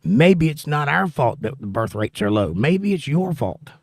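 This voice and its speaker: A man's voice: on the high side, big pitch swings, a little slow, dry recording. A man hosting a political livestream from the United States, reading chat comments aloud and answering them in an argumentative, sarcastic way.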